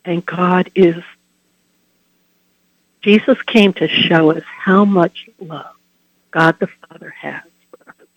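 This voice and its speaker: Earnest male preacher, unhurried delivery, heartfelt devotional talk with soft trailing endings, dull lo-fi sound. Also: high-pitched, steady tone, creaky, no echo. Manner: earnest and heartfelt, trailing off softly at phrase ends. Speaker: Catholic preacher giving a Lenten reflection.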